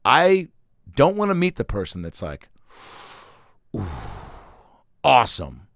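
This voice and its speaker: A man's voice: on the high side, normal speed, no echo, studio quality. A man hosting a podcast alone, telling rambling, profane, self-deprecating comic stories in a casual monologue. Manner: animated, profane, rambling storytelling. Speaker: podcast host. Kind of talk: casual comedic solo monologue.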